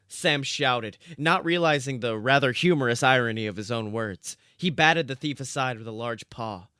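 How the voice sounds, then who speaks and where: A man reading out comic fan fiction in a dry, deadpan narrating voice. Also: medium pitch, moderate pace, few pauses, clean tone, dry recording.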